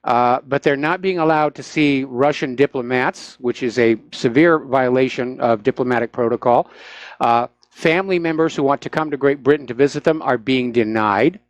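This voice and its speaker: A man's voice: mid-range voice, moderate pace, no echo. A man hosting a talk radio show, giving opinionated, sarcastic commentary with frequent "uh" fillers into a studio microphone.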